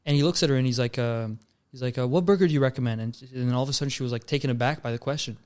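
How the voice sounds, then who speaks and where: A young man from Canada talks fast in a smooth, clear voice. He spins a story like a podcast guest chatting with friends and tosses in "bro" and "dude" easily. His pitch sits in the middle. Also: darkish tone. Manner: laid-back, calls people bro and dude. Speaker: guest filmmaker. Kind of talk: casual storytelling chat.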